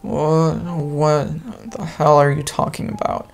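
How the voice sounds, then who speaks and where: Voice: mid-range voice, level tone, slow pace, creaky, faint music behind. A gamer reading the lines of a withdrawn, bitter teenage girl, curt and sarcastic, as visual novel dialogue. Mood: stunned.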